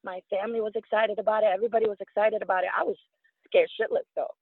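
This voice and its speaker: Woman, 30s, from New York, interview guest; husky, dry phone-line sound, animated storyteller. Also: mid-range voice, racing. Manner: animated, acts out quoted voices, frequent fillers.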